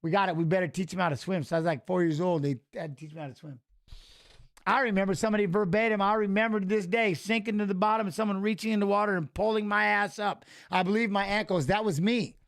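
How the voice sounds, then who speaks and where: A man with a fairly high voice hosts a fight watch-along. He mixes casual call-outs of the action with blunt, profane stories from his own life. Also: quick pace, a bit bright. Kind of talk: casual live fight commentary and storytelling.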